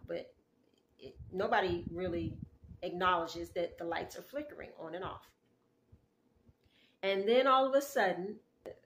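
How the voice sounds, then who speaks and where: A woman casually telling a dream story in an animated, chatty way, full of asides. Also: on the low side, a little hiss or hum. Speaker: faith vlogger sharing a dream.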